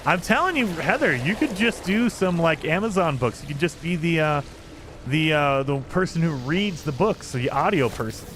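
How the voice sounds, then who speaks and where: A man's voice: a little high, animated, moderate pace, a bit bright, a little hiss or hum. A man streaming a game live, chatting with his viewers and laughing often as he plays. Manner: chatty, laughs often, talks to chat while playing. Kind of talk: casual live-stream chat.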